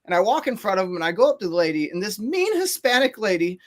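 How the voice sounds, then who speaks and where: A high-pitched man talks fast as he spins a long story on a casual podcast. He's animated and rambling, leaning on fillers and frequently restarting his thoughts.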